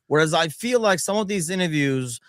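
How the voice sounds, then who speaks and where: A man co-hosting a casual football chat, expressive, laughing and swearing casually. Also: a little high, brisk, no echo, studio quality. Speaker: podcast co-host.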